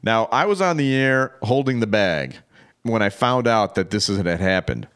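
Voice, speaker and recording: A man's voice: fairly low pitch, lively intonation, moderate pace, fairly bright tone, clean tone. A man co-hosting a podcast, telling a story casually and laughing often. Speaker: podcast co-host.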